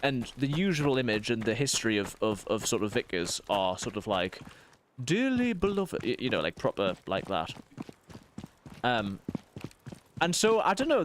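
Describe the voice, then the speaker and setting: A man in his thirties with a softened northeast English accent, chatting casually while streaming a game and rambling through quick asides. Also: medium pitch, slight background noise. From northeast England. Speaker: streamer and vicar. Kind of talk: casual gaming stream chat.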